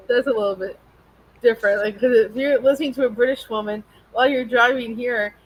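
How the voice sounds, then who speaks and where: A woman's voice: fairly high pitch, normal speed, husky, poor audio. A woman hosting a casual book chat, giggly and agreeable. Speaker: podcast host. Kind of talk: casual chat about books.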